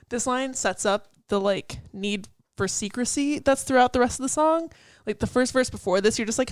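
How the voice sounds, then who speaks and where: A woman's voice: fairly high pitch, fairly quick, few pauses, smooth, no room sound. A young woman co-hosting a casual podcast, talking through song lyrics in a loose, chatty way with lots of "like" fillers, laughs and the odd swear. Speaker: podcast co-host.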